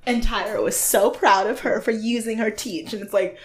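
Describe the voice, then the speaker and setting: A woman co-hosting a podcast, chatting casually about a TV show, swearing freely and acting out what people said with quick laughs. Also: on the high side, fairly even intonation. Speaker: podcast co-host. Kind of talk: casual chat recapping a reality show.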